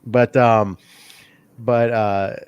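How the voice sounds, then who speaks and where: A man co-hosting a casual wrestling review podcast, an animated storyteller who laughs often, swears, and acts out quotes in a higher voice. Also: drawn-out words, smooth, no echo, dull audio. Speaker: podcast co-host.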